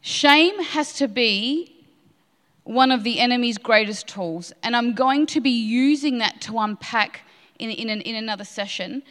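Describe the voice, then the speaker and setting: A woman's voice: on the high side, measured pace, a bit bright. A woman preaching a sermon with passion, repeating key lines for emphasis. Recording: long hall reverb.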